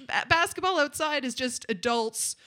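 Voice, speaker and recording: A woman's voice: high-pitched, lively intonation, moderate pace, sharp tone. A woman telling a rambling, self-mocking comic story on stage at a live show, with chatty asides to the crowd.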